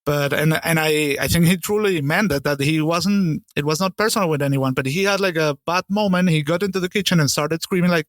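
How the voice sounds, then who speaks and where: A man's voice: on the high side, a little fast, few pauses, no echo. A man co-hosting a podcast, telling a kitchen story in casual chat, swearing freely and sometimes hunting for the right word. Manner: swears freely, searches for words mid-sentence. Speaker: podcast co-host.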